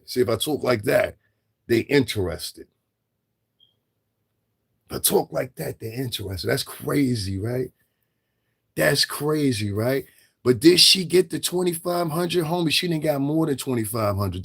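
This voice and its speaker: Husky-voiced man ranting on a livestream. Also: mid-range voice, normal speed, fairly bright tone. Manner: profane, confrontational, repetitive. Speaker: livestream commentator. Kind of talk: livestream rant.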